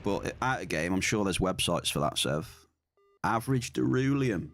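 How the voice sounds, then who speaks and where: A man's voice: low-pitched, moderate pace, a bit bright, soft background music. A man streaming a game, chatting casually and answering his viewers. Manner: chatty, reads and answers chat. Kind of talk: casual gaming stream chat.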